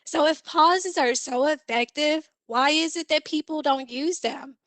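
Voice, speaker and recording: High-voiced woman teaching speaking skills. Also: measured pace, fairly bright tone, no room sound, poor audio. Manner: clear, instructive, demonstrates intonation with examples. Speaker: communication instructor. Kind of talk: online seminar lecture.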